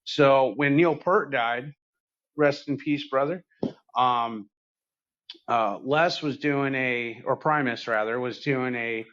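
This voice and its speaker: A man of middle pitch chats on a podcast, wandering through a long anecdote with plenty of swearing and filler. He sounds easygoing and loose. The recording is a bit dull and lo-fi. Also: takes it slowly, a bit bright. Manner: rambling, profane, laid-back. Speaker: podcast host. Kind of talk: casual storytelling chat.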